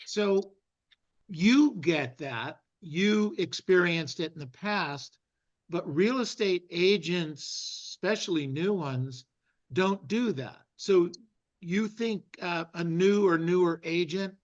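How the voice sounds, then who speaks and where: A man's voice: on the high side, slow pace. A man interviewing a guest, asking hesitant, probing questions. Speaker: interviewer, host. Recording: dull, lo-fi sound.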